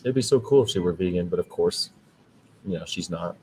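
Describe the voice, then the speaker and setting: A man's voice: deep voice, a little fast, darkish tone, slight background noise, poor audio. An American man hosting a podcast, talking in a casual, rambling monologue that turns preachy. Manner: chatty, rambling, preachy about veganism. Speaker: vegan podcast host.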